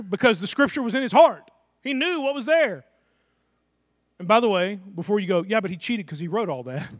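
A middle-aged pastor delivers his sermon in a notably high, light voice, keeping it chatty and direct. He fires off rhetorical questions and slips into quick acted-out asides. The sound is close and dry, with no room around it. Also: dry recording.

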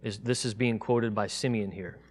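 A man's voice: on the low side, steady tone, slight background noise. Man teaching a Bible study. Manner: reads scripture aloud in a raised, slow, emphatic voice; explains in a casual, conversational way with fillers and restarts.

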